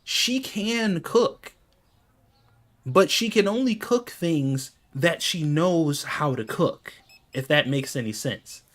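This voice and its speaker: A man's voice: fairly high pitch, animated, slow. A man telling casual, exasperated stories over gameplay, swearing freely and laughing often. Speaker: gaming video creator.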